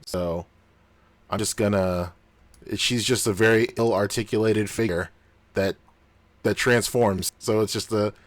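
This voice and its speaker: A man with a low, deep voice chatting casually as a podcast co-host. His delivery is loose and profane, broken up by frequent laughter. The sound is dry and close, with no room around it. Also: steady tone, measured pace, pauses often, dry recording. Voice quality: unusually deep on this mic. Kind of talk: casual chat.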